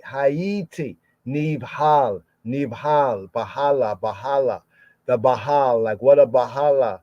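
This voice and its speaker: A man's voice: mid-range voice, slow, warm tone, dry recording. A man teaching scripture verse by verse, sounding out each word and repeating phrases many times. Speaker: Bible teacher. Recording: dull lo-fi podcast audio.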